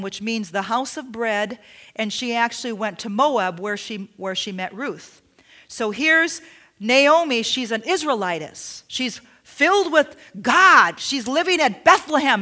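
Bright-voiced woman pastor preaching with fervor. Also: on the high side. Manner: emphatic preaching with many restarts and "you know"s; drops to a hushed near-whisper when retelling a tender story. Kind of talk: sermon.

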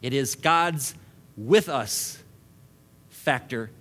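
A man's voice: medium pitch, extremely slow, fairly bright tone. A male pastor preaching a sermon to a congregation, building long repeated lists and chuckling often between points.

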